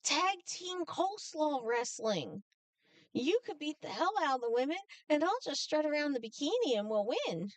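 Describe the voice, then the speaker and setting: A woman's voice: high voice, big pitch swings, normal speed, no echo, distant mic, pitched above the performer's own voice. A woman voicing her vain, brash biker-babe sister, blunt and boastful. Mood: pushy. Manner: blunt, boastful, self-absorbed.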